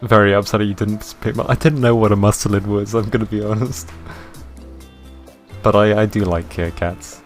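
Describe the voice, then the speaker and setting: A man's voice: lowish voice, steady tone, normal speed, faint music behind. A man streaming a game, talking to chat in an easygoing, rambling and self-mocking way. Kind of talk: casual gameplay commentary.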